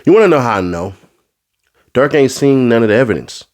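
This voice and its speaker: A man doing a casual commentary rant, full of street slang, who swings from low asides into high, exasperated outbursts. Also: very animated, a little fast. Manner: street slang, addresses the audience as bro. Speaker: commentary vlogger.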